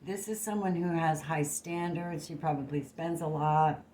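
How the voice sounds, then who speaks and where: A woman's voice: deep voice, fairly even intonation, moderate pace, dark tone, a little hiss or hum. A woman giving a casual tarot reading to camera, blunt and emphatic, swearing freely, recorded on a phone. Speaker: tarot reader. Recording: echoey room.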